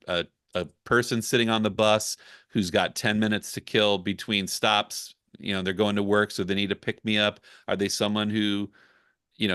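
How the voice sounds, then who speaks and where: A man with a low voice talks through his work in a relaxed podcast chat. He is candid and reflective. His sound is dry and close, with no room around it. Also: smooth, no echo. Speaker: ghostwriter guest. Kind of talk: casual podcast conversation.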